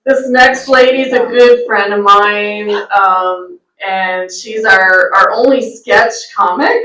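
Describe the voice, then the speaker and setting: A woman's voice: medium pitch, takes it slowly, pushed and bright, slight background noise. A woman emceeing a live comedy event, giving loose, chatty introductions. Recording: roomy venue sound from a distant mic.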